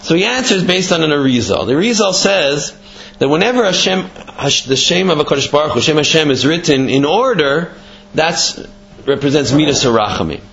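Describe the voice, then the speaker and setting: Brief: man Torah teacher, conversational and lively, in a dull lo-fi recording. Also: on the high side, a little fast, gravelly. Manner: animated, conversational explaining. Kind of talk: Torah class with storytelling.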